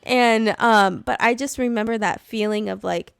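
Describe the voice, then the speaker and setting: A woman's voice: mid-range voice, normal speed, creaky, clean tone, no echo, clean studio sound. A woman co-hosting a podcast, telling a personal story in a rambling, casual way, full of "like" and laughter. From California. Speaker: podcast co-host. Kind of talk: casual chat.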